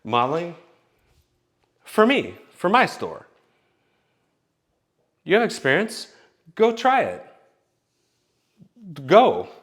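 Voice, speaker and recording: A man's voice: high voice, huge pitch swings, slow, pauses often, a bit bright, pitched above the performer's own voice, full character voice. A man voicing his older grandmother, insistent and coaxing as she pushes him to try something. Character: older grandmother, pushy and encouraging.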